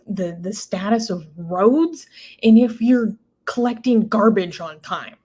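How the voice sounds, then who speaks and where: A woman's voice: fairly high pitch, mellow. A woman co-hosting a casual talk show, exasperated and emphatic, with laughing asides. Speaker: co-host. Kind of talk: casual chat.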